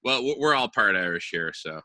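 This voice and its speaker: A man hosting a casual group call, greeting people warmly and chatting freely. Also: fairly low pitch, animated, brisk, no echo, low-quality recording. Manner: friendly, effusive greetings. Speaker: host.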